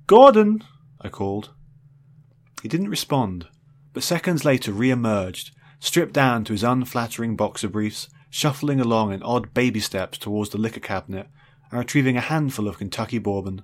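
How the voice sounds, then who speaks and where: A man's voice: on the low side, normal speed. Man with a wry, dry storytelling voice. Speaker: narrator. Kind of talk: first-person audiobook narration.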